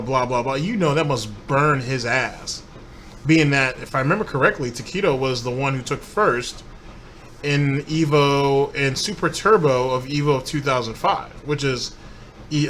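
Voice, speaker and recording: A man rambles through a gossipy rant over his game, pausing on filler words as he goes. His tone is bright and tense, with a faint hiss in the background. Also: mid-range voice. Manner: talkative, gossipy, frequent "uh". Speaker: gaming commentator. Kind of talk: ranting gaming commentary.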